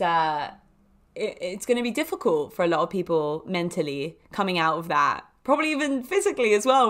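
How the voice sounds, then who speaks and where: A young woman hosting a podcast, telling casual stories in a chatty, animated way with frequent laughs and fillers. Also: fairly low pitch, clean tone. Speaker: podcast host. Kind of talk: casual storytelling monologue.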